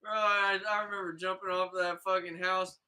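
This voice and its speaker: This podcast host speaks in a high, level voice at a slightly quick clip, his tone pushed and bright, though the recording quality is poor. Laid-back and profane, he calls people "bro" and meanders through casual stories stuffed with "like" and "you know."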